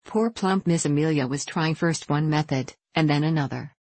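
A reader narrating a classic children's novel in a steady, measured way. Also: mid-range voice, dry recording. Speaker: audiobook reader. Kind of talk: scripted storybook narration.

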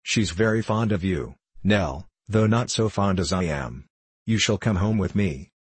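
A man's voice: low-pitched, animated, measured pace, slightly rough, no echo, exaggerated voice. A man reading the part of a gleeful, cruel grown male dwarf, coaxing in a leering way and then threatening savagely. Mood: wheedling.

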